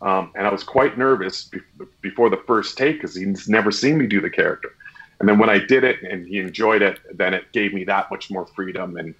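A man's voice: fairly low pitch, a little fast, dull audio. A man, an actor, chatting as a guest in an interview and acting out the dialogue in his stories. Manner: animated storyteller, acts out quoted dialogue. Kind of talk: casual interview chat.

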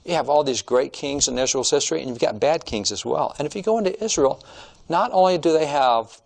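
A man's voice: fairly high pitch, expressive, a little fast, vocal fry, a little mellow. Middle-aged male speaker, emphatic lecture tone, reads from old books. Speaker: Christian history speaker. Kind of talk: informal lecture. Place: room with shelves of old textbooks.

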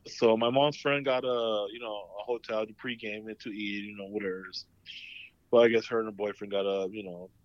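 A man with a low voice tells a story in loose, rambling chat, swearing freely and leaning on fillers. The sound is dull and lo-fi, with a dry, close feel. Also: fairly even intonation, brisk, dry recording. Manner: rambling, profane, full of fillers. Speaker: podcast host.

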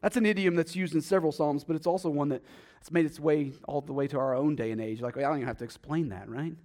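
High-voiced emphatic preacher, man. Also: fast. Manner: emphatic, swings from loud to hushed. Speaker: pastor. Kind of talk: sermon.

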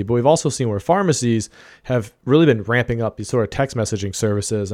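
Guy host talking fast and eager, dry close sound, no room at all. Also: medium pitch, a little mellow, dry recording. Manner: quick, enthusiastic, chatty. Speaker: podcast host. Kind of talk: casual interview chat.

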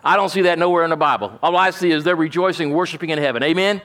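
A man's voice: a little high, fast talker, hardly any pauses, a bit bright. A male pastor, preaching a folksy, emphatic sermon and asking "amen?" often.

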